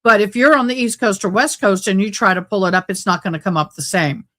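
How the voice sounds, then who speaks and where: In a home room lit by sunlight through the window, a YouTube livestream host speaks into a desk mic close by. She has a medium-pitched, somewhat bright voice and a quick pace, ranting in agitated bursts on her casual stream.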